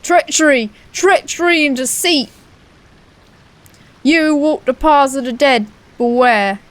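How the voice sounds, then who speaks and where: A woman's voice: high voice, takes it slowly, voice pushed up. A woman voicing a scheming male dwarf seer in a put-on Cockney accent, giving doom-laden warnings. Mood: ominous.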